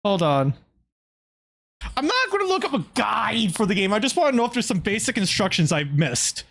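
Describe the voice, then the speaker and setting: A man streaming a game live, talking casually and excitably and swearing freely. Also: high-pitched, normal speed, vocal fry.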